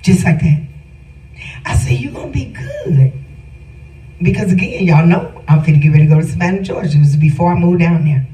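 A woman's voice: lowish voice, quick pace, dark tone. A middle-aged woman telling a personal testimony with feeling, speaking emphatically and addressing her listeners directly. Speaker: storyteller giving a testimony. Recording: roomy sound from a distant mic with faint music.

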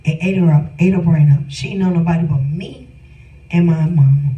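A middle-aged woman speaks briskly in a low-pitched voice, relating a personal testimony with emotion and emphasis while addressing her listeners directly. The audio is dull and roomy, taken from a distant mic, with faint music in the background.

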